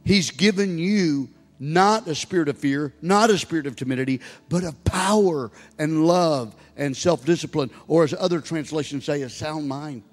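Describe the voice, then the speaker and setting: Brief: man in his sixties, pastor, fairly high voice, preaching with long church reverb and soft music behind. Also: normal speed, hardly any pauses. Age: 60s. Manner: preaching, rising to loud exhorting. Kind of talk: sermon. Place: church sanctuary.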